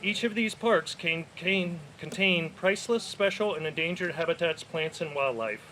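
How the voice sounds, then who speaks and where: A man's voice: fairly high pitch, normal speed, sharp tone. A man from Florida, a local business owner, giving an earnest prepared speech at an outdoor park rally.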